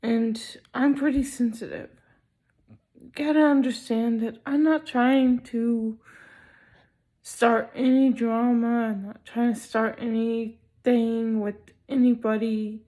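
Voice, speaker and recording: A young woman speaks to her camera in a casual vlog, sounding drowsy and not quite awake. Her voice sits a little high, and she talks slowly and hesitantly, filling pauses with ums as she gathers her thoughts. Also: fairly even intonation, a little mellow. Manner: slow, hesitant, many ums. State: sleepy, not fully awake. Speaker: vlogger. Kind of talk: casual personal vlog talk.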